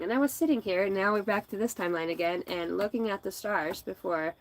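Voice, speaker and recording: A woman hosts a live intuitive reading, speaking slow and soothing spiritual messages at a middle pitch. She drifts into loose, laughing, profane rambles between the readings. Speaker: psychic livestream host.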